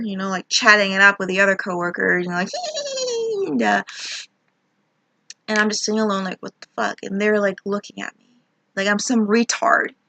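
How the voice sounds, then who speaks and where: A woman's voice: mid-range voice, pushed and bright, no room sound. A young woman telling a frustrated, rambling story about her job, swearing a lot as she vents. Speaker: vlogger. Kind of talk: ranting personal story.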